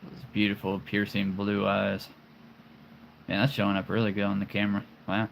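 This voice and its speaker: A man's voice: lowish voice, completely flat delivery, normal speed, creaky, a little hiss or hum. A man in his forties hosting a live stream, chatting casually and playfully about his collection, rambling with chuckles and puns.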